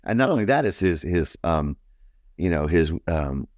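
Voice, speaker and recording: A baritone man from New York, a guest musician talking in a casual, rambling, enthusiastic way with many fillers. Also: sing-song, normal speed, darkish tone, no echo, clean studio sound. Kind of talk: casual interview chat.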